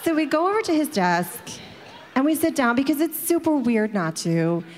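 A woman's voice: high voice, sing-song, moderate pace, a little mellow, big-room sound. A woman telling a personal story to an audience in a chatty way, filling it with "like" and acting out the people in it.

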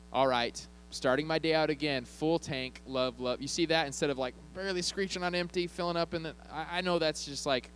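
A man's voice: medium pitch, a little hiss or hum, poor audio. Joking, conversational male pastor preaching. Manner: conversational, joking, checks in with the congregation. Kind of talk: sermon. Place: church.

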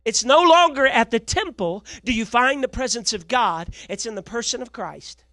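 A male preacher delivering a sermon who keeps asking his congregation if they are ready, swinging between loud declarations and hushed asides. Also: very high voice, animated, moderate pace, no room sound, faint music behind. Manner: call-and-response, asks the congregation "you ready?".

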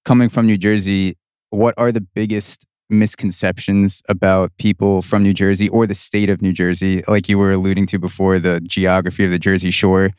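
A deep, smooth male host from Long Island, New York, asks his guests long, thoughtful questions. The sound is dry and close. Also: little pitch movement, a little mellow, dry recording. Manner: measured, curious questioner. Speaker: podcast host. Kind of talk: interview questions.

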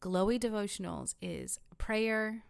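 A woman's voice: medium pitch, slow, vocal fry, clear, resonant tone, dry recording, studio quality. A woman in her thirties hosting a faith podcast, chatty and encouraging, a little stuffy from allergies. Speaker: podcast host.

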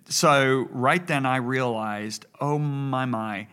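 A man's voice: mid-range voice, slow pace, hardly any pauses, clear, resonant tone. A man in his sixties, a pastor co-hosting a faith talk show, telling stories and acting out dialogue as he preaches. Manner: storytelling, animated retelling of dialogue. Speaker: pastor and co-host. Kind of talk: preaching conversation.

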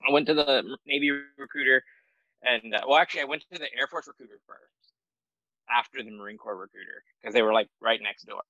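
Man, forties, from the US, bright tense voice, rambling casual storytelling, dry close sound. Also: mid-range voice, fairly quick, dry recording, low-quality recording. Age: 40s. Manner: rambling, self-deprecating, lots of fillers and restarts. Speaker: guest, military veteran.

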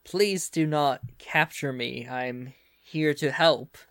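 A man voicing a dignified male house drake in opossum form, speaking slowly and formally with a German accent. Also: a little high, over a noisy crowd. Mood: solemn. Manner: slow, formal and solemn.

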